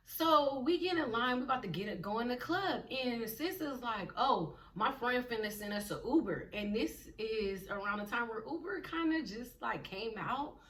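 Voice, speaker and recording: A young woman telling a storytime vlog in an animated, slangy way, acting out the quotes of the people in it. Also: a little high, moderate pace, far from the mic. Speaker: vlogger.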